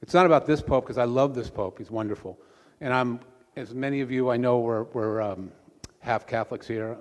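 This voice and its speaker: A man preaching as pastor, a relaxed conversational storyteller. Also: mid-range voice, moderate pace. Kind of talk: sermon with a joke. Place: church sanctuary. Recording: long church reverb.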